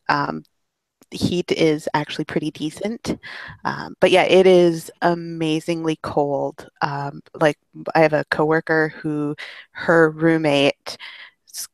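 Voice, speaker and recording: Low-voiced woman, easygoing guest. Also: gravelly, dry recording. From Minnesota. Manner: easygoing, laughs often, many ums. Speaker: radio producer and guest. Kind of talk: casual interview chat.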